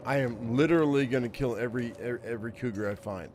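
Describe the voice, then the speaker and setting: Man, game streamer, casual chatty commentary, mid-pitched voice, swears a lot, stumbles over words, faint noise behind. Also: quick pace, a little mellow. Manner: casual, swearing, repeats words, grumbles about being angry. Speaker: gaming streamer. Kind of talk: casual let's play commentary.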